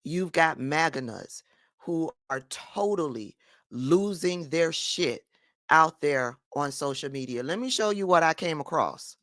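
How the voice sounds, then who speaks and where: A woman's voice: low-pitched, lively intonation, a little slow, fairly bright tone, no echo, clean studio sound. A woman giving firm, emphatic political commentary in a vlog monologue.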